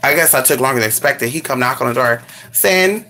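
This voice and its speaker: A woman's voice: rumbling low, lively intonation, brisk, bright, forceful tone. A woman chatting casually with her viewers, sassy and exclamatory, and she swears freely. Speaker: vlogger. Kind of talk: casual live chat to viewers.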